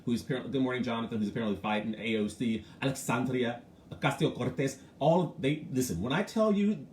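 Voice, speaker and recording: A man with a middle-pitched voice hosts a loose morning stream and greets viewers by name while he talks. His delivery is frank and animated. The sound is roomy and echoey, with a faint hum of ambient noise. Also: quick pace. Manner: chatty, greets viewers by name between thoughts. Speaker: host of a morning live stream. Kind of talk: casual live-stream commentary.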